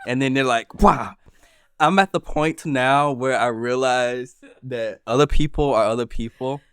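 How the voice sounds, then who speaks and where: A man's voice: medium pitch, moderate pace, a bit bright, smooth, no room sound, clean studio sound. A man hosting a podcast, chatting casually in an earnest, reflective way. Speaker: podcast host. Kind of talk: casual chat.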